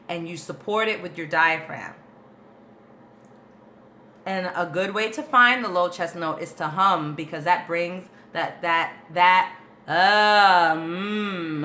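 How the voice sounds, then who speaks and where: A woman's voice: on the low side, sharp tone, slight background noise. A woman vocal coach chatting loosely and thinking aloud as she answers questions on a live stream into her phone camera.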